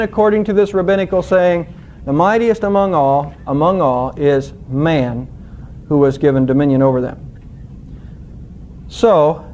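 High-voiced preacher teaching scripture. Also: male voice, slight background noise. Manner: expressive storyteller, emphatic. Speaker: pastor. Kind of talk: sermon.

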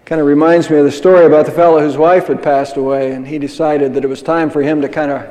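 High-voiced older male preacher, hall reverb. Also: little pitch movement, quick pace, warm tone. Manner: conversational, asks rhetorical questions of the congregation. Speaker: pastor. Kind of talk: sermon. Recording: long reverb of a large hall.

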